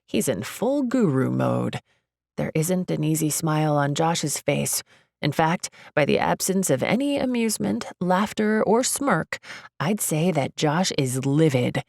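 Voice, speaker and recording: A young woman reads a first-person romance novel aloud in a low voice. She is expressive and lively in her delivery. The recording is dry and close, with no room sound. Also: unhurried, gravelly, no echo. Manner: expressive, leaps high in pitch for her character's outbursts. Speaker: audiobook narrator.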